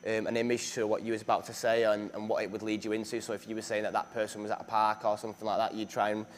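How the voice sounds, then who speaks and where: There's slight background noise as a young actor from northern England races through a casual interview in a lowish, flat voice. He's chatty and self-deprecating, stumbling through lots of fillers and restarts.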